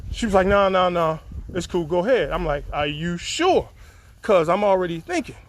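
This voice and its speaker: A man telling a long personal story to his viewers in a casual, rambling way, breaking off to greet people. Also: a little high.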